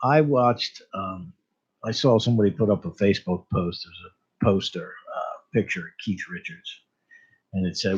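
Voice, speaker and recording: A man's voice: low-pitched, normal speed, breathy edge. Chatty male radio host, lo-fi. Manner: chatty, laughs often, stumbles over names. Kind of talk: casual radio interview chat. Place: radio studio. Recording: dull lo-fi radio broadcast.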